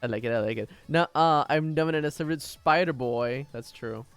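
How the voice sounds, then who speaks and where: A man's voice: a little high, moderate pace, clean tone. A man streaming himself drawing, chatting casually, giggling and humming little tunes as he works. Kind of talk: casual chat while drawing. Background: faint background music.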